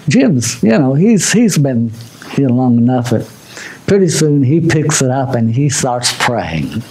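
A man preaching a sermon as pastor, moving between loud, high exhortation and low, quiet asides. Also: big pitch swings, a little slow, rough recording. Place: church sanctuary.

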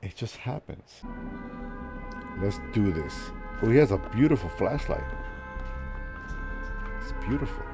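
A man's voice: fairly low pitch, very animated, unhurried, pauses often, over music. A man with a stuffy nose from a cold, joking and chatting with viewers while he streams a game. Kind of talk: casual live-stream gaming commentary.

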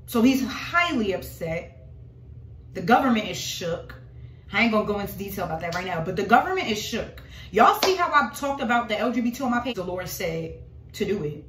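A woman's voice: on the high side, fairly bright tone, echoey room, slight background noise. A woman talking casually and dramatically to her followers about her faith, calling them y'all. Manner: emphatic, dramatic, addresses viewers as y'all. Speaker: religious vlogger.

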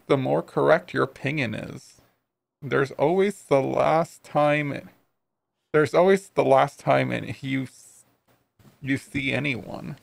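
A man voicing a talking toy tuna in a video game, reciting odd fun facts in a flat, matter-of-fact way. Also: mid-range voice, vocal fry, no echo. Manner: cheerful deadpan fact recital.

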